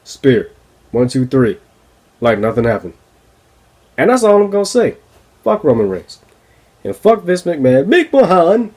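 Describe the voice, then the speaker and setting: A man's voice: mid-range voice, big pitch swings, a little slow, long pauses, a little mellow. A man hosting a wrestling review podcast, ranting casually and profanely with frequent laughs. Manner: profane, exasperated, laughs often.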